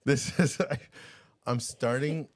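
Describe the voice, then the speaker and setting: A man co-hosting a podcast in casual chat, animated and rambling, laughing often and restarting his sentences. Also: medium pitch, slow, dry recording. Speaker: podcast co-host.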